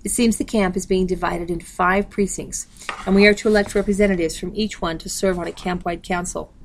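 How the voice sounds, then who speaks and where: A woman's voice: fairly low pitch, fairly even intonation, a little fast, a little hiss or hum, natural voice. A woman reading aloud, voicing a bitter older grandfather in a storybook. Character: older immigrant man, bitter and gloomy.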